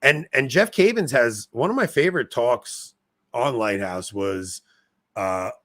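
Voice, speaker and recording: A man's voice: mid-range voice, animated, a little slow, fairly bright tone, no echo. A young man co-hosting a podcast in casual chat, rambling and self-mocking with frequent laughs. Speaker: podcast co-host.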